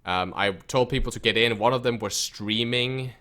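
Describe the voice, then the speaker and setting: A man's voice: medium pitch, normal speed, pushed and bright. A man who coaches an esports team, telling a frustrated story in casual speech and quoting people as he goes. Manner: frustrated, emphatic, quotes others in his retelling. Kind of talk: casual storytelling rant to camera.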